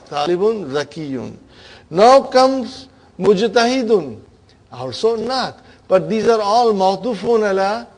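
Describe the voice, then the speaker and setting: A man's voice: high-pitched, a little mellow. A man teaching Arabic grammar to a class, patiently checking understanding and addressing students as brothers and sisters. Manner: patient, checks understanding with frequent "okay?" and "huh?".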